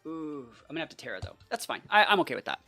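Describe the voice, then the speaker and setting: An excitable young adult talks through a competitive match, casual and quick to react. The voice swings widely in pitch. Soft music plays underneath. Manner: casual and excitable, heavy use of "like" and "bro". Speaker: competitive battle player and channel host. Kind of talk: live gameplay commentary.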